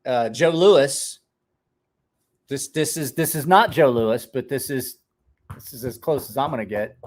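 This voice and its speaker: A man's voice: mid-range voice, unhurried. A man chatting casually on a live stream, rambling, restarting words, and talking to his dog in between.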